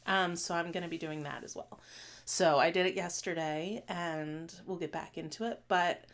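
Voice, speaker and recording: Woman in her thirties, casual vlog chat, rambling, fillers, lowish pitch. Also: fairly even intonation. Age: 30s. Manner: rambling, chatty, frequent restarts and fillers; talks fast at times. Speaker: cross-stitch vlogger.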